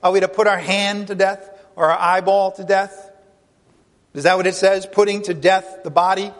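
A man's voice: high-pitched, fairly even intonation, normal speed, in a large hall. A man preaching a sermon, emphatic and full of rhetorical questions to the congregation. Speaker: pastor.

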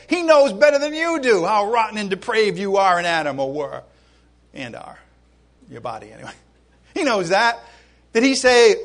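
Animated, high-voiced male pastor preaching. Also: normal speed. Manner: animated, emphatic preaching with rhetorical questions and laughs. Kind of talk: sermon.

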